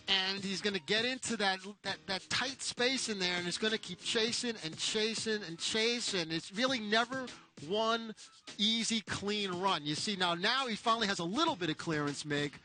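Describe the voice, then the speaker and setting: A man's voice: sits high, pushed and bright. A man analyzing horse race replays in an eager way, with frequent restarts.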